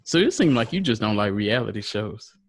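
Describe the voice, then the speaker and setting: Low-voiced laughing male podcast host. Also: sing-song, a little fast, no room sound. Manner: laughing, chatty, poses questions to co-hosts. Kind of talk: casual podcast chat.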